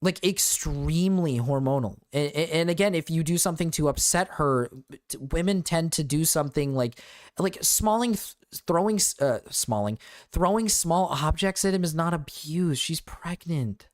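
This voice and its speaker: Male streamer, excitable reaction-stream delivery, stammers, curses, dry close sound. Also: fairly high pitch, normal speed, no echo. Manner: excitable, stammering, swears often.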